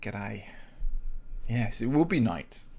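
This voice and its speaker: A man's voice: medium pitch, expressive, unhurried. A man hosting a casual live stream, chatting with viewers while he builds in Minecraft. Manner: chatty and rambling, greets viewers by name, frequent ums. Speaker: livestream host, Minecraft map builder.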